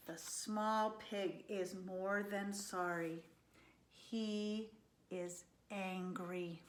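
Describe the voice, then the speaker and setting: Woman reading a kids book real slow, bright voice, echoey room. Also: medium pitch. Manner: slow, expressive reading, dropping to soft whispers. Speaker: storyteller. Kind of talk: children's picture book read-aloud.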